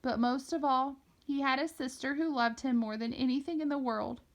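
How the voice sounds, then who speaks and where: A woman reading aloud voices a grieving young girl, desperate and tender, in a high, pleading tone. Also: fairly even intonation, takes it slowly. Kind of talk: storybook reading.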